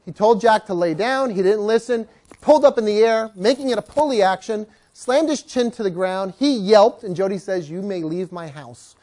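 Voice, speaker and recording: Man, dog trainer, lecturing a class, storytelling, animated, acts out quotes. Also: sits high, normal speed.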